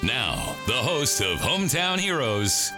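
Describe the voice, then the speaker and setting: A man's voice: medium pitch, huge pitch swings, slow pace. A man reading a scripted radio show introduction as the announcer. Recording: announcer over loud music bed. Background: loud music.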